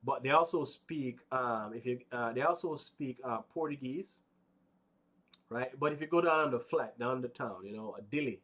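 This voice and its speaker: A man's voice: medium pitch, normal speed, a bit bright. A man casually narrating a walking tour outdoors on a windy mountaintop, rambling with lots of fillers and "right?" tags. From United States. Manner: rambling, conversational, many fillers and tag questions. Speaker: vlogger.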